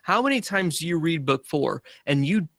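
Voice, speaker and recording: Young male podcast co-host, gravelly, playful and upbeat, casual chat. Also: a little high, animated, moderate pace, fairly bright tone. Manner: playful, laughs often, enthusiastic.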